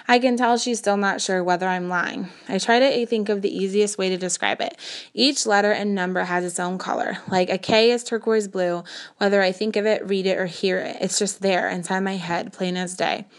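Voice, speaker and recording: A woman narrating a first-person novel in a measured, earnest storytelling manner. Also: mid-range voice, steady tone. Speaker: audiobook narrator.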